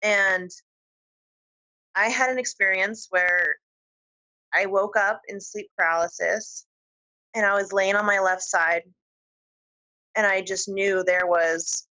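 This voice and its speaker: A woman guest on an interview show, telling a personal story in a lively, giggly way. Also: mid-range voice, takes it slowly, pauses often, muffled recording. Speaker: podcast guest.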